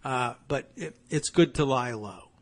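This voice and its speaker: A man's voice: mid-range voice, animated, a little slow. A man hosting a political talk podcast, reading news items aloud and breaking off into sarcastic, chatty asides. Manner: sarcastic, chatty asides between read passages. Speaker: podcast host.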